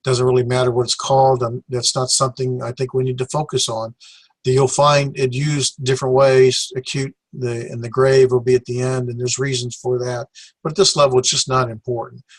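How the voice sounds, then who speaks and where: A man teaching a class in a plain mid-range voice. He talks in a halting way, full of fillers, and slowly sounds out syllables for his students. The recording is dry, with little room sound. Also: medium pitch, level tone, dry recording. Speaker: Greek teacher. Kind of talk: classroom lecture.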